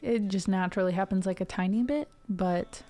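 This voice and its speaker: A woman's voice: mid-range voice, fairly quick, mellow, faint music behind. A woman in her twenties with a neutral American accent, chatting to a live stream audience in a rambling way, full of tangents and fillers. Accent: neutral General American. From Ohio, USA. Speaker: music streamer. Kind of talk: casual chat to a live stream.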